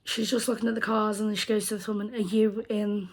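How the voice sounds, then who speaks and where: A woman's voice: medium pitch, racing. British woman vlogger telling a story. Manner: animated retelling, acts out quoted voices. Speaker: crochet vlogger. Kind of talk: casual storytelling vlog.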